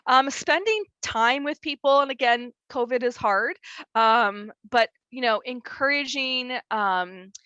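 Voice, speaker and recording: A woman's voice: fairly high pitch, slow pace, sharp tone, dry recording, highs cut off. A young woman presenting an online wellness workshop in a chatty way, with many fillers and easy laughter.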